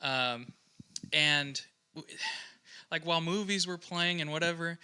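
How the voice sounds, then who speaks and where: A young man with a very bright, fairly high voice tells rambling stories in a casual podcast chat. He keeps circling back with fillers and restarts. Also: takes it slowly, smooth. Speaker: podcast host.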